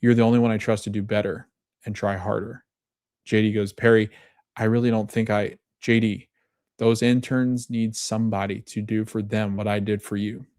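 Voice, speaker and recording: A man's voice: fairly low pitch, flat delivery, normal speed, darkish tone, no room sound, studio quality. A man hosting a podcast, retelling scenes in casual chat, reading quoted lines and often correcting himself. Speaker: podcast host.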